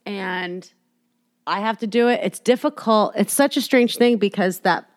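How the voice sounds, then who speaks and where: Brief: woman, solo podcast host at home, candid and rambling, mid pitch, dry room. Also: unhurried, no room sound. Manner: rambling, candid, sweary, self-deprecating. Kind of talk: casual solo podcast monologue. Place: apartment. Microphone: laptop.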